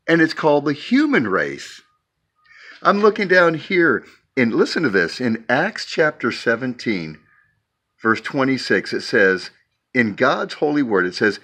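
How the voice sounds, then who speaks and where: A man preaching in a slow, musing way while talking from his porch. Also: fairly high pitch, sing-song, fairly bright tone. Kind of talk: devotional vlog talk.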